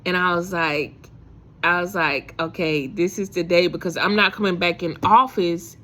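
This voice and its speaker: A woman's voice: fairly low pitch, pushed and bright. A woman vlogger telling a faith story to her viewers in a casual, rambling way, full of fillers and restarts.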